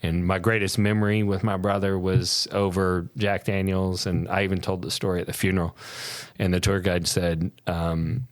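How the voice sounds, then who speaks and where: Brief: deep-voiced male podcast guest, rambling anecdotes, dry close mic. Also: flat delivery, normal speed, no echo. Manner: rambling anecdotes with many fillers and restarts. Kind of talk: casual storytelling.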